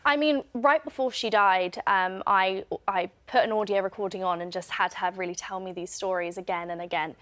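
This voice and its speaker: A young adult woman chatting as a guest on a TV studio sofa, earnest and reflective, with halting pauses. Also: medium pitch, steady tone, a bit bright. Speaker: guest author. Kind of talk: casual interview chat.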